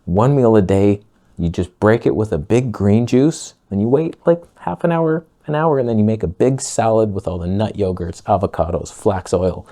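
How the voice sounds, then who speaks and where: A man talking casually to camera as a vlogger, blunt, sarcastic and excitable. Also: lowish voice, moderate pace.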